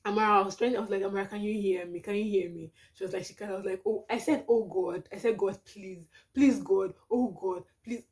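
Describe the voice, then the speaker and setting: A woman's voice: mid-range voice, a little fast. A young Nigerian woman with a Nigerian accent, telling a dramatic storytime vlog with lots of exclamations. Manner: animated, dramatic retelling with exclamations. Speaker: vlogger.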